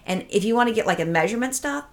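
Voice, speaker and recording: A woman co-hosting a podcast, telling a story in a casual, profane, excitable way and acting out her own reactions. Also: a little high, very fast. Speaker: podcast co-host.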